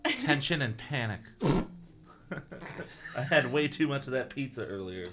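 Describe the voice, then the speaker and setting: A man's voice: medium pitch, lively intonation, slow pace, noisy background. A man reading a first-person horror chapter aloud during a comedic group reading.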